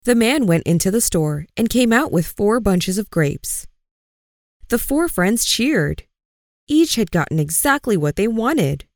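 A woman narrating a folk tale in a slow, expressive storybook style. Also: medium pitch, no echo, studio quality. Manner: slow, expressive, clearly paced.

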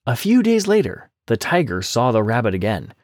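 A man narrating a children's storybook in a lively, expressive scripted reading. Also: mid-range voice, normal speed, no room sound, studio quality.

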